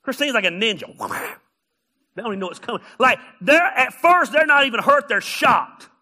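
A man preaching a sermon, telling funny stories and often raising his voice to a shout. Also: very high-pitched, normal speed. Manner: animated, often shouting, storytelling. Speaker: pastor.

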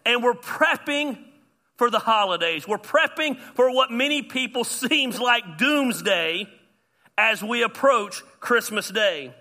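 A man, a pastor preaching an animated sermon with self-deprecating humor. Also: very high voice, slow. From US South.

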